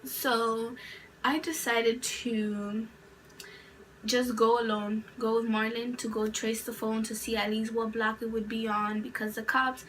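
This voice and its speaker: A woman's voice: fairly high pitch, level tone, a little slow, fairly bright tone. A young adult woman vlogger telling a storytime tale in a rambling, chatty way, full of "like" fillers. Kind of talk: storytime narration. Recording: distant mic with faint background noise.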